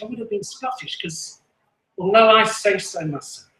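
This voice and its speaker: A man's voice: high voice, normal speed, bright, forceful tone. A man with an English accent doing self-deprecating stand-up comedy at an open mic, chuckling at his own jokes. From England. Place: small live venue. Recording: echoey room.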